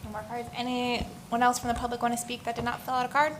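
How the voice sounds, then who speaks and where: A woman chairing a village council meeting, calling up speakers in a brisk, procedural way. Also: on the high side, completely flat delivery, noisy background.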